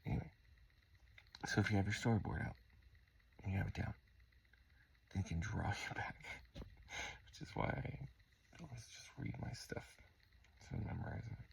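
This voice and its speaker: A man with a low, heavily gravelly voice hosts a late-night how-to, tired from being up so late. He rambles and mocks himself, often trailing off into a near-whispered mumble. Faint noise hangs behind him. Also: moderate pace, pauses often. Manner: rambling and self-mocking, often dropping to a mumble. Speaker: host.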